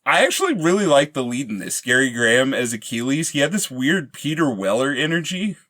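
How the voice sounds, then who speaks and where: A man co-hosting a movie podcast, adding background details in a relaxed, wry way. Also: mid-range voice, brisk. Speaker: podcast co-host. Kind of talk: casual movie review chat.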